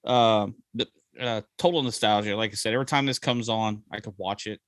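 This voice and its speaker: Man, forties, bright voice, dry close mic, rambling casual podcast chat. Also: lowish voice, fairly even intonation, fairly quick, no room sound. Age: 40s. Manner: rambling, jokey, many ums and uhs. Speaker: podcast co-host. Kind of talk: casual movie review chat.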